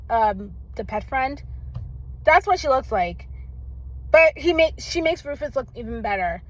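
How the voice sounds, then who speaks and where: A woman's voice: mid-range voice, poor audio. A young woman in a casual vlog, heatedly ranting about a documentary, swearing often and speaking with emphatic outbursts. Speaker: vlogger reacting to a documentary. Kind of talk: casual angry rant.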